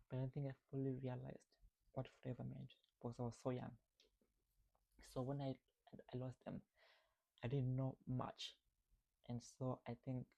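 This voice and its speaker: A man's voice: mid-range voice, gravelly, mellow, muffled recording. A man vlogging, telling a personal story about grief in a reflective, conversational way and often checking in with "right?".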